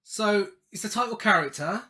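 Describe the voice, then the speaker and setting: A man with a bright, slightly high voice co-hosts a casual film podcast. He recaps the story scene by scene and drops in laughing side comments as he goes. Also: animated, moderate pace. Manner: recaps the plot, then breaks into laughing asides. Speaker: podcast co-host.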